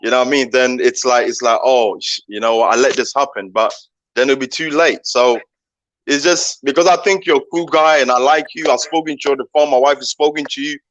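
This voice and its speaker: A man's voice: mid-range voice, brisk, fairly bright tone, no echo, poor audio. Earnest man giving advice, dry sound. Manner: earnest, advising, repetitive. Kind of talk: casual discussion.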